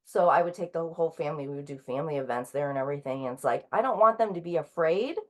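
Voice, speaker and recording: A woman in her thirties, a guest author talking casually in an interview, halting with frequent ums and restarts. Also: low-pitched.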